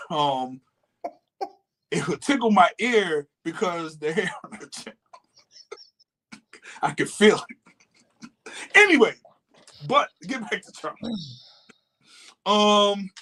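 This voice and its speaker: Lively man telling jokes. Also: fairly high pitch, rough recording. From Atlanta, USA. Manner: animated, joking storyteller. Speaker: co-host. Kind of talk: casual reality-show recap chat.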